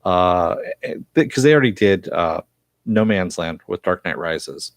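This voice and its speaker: A man's voice: sits low, lively intonation, unhurried, no echo. A man casually recapping and reviewing a TV episode, rambling with many fillers. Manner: rambling, filler-heavy retelling.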